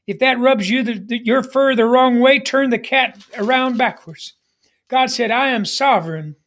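Middle-aged male pastor, strikingly high voice, emphatic sermon delivery with call-and-response refrains.

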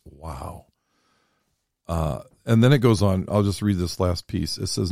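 A man's voice: sits low, unhurried, vocal fry, a little mellow, dry recording. A man hosting a faith podcast in a studio, talking earnestly and reading scripture and commentary aloud. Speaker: podcast host.

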